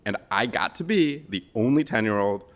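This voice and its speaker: Man, 40s, from Chicago area; slightly low voice; gently humorous funeral eulogy. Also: lively intonation, normal speed. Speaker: son giving a eulogy. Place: funeral service.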